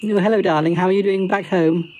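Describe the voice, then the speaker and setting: A man's voice: high voice, steady tone, quick pace, a little mellow, muffled recording, slight background noise, pitched above the performer's own voice, close to an everyday voice. A man voicing a fussy, affectionate older woman who gushes and calls everyone darling. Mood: gushing.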